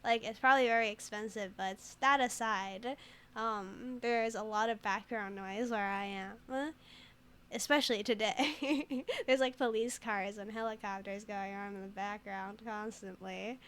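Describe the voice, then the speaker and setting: A woman's voice: mid-range voice, steady tone, unhurried, fairly bright tone, clean tone. A woman streamer chatting and giggling while reading game text aloud, in casual gameplay commentary.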